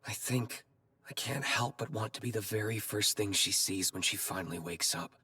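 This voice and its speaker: An actor voicing an earnest, determined young anime hero. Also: male voice, fairly low pitch, normal speed, pushed and bright. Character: earnest young man vowing to save a loved one.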